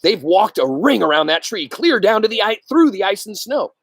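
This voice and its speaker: A man voicing a high, stammering, excitable hunter. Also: moderate pace, heavily acted. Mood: eager. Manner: breathless, stammering. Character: excitable adult male coon hunter.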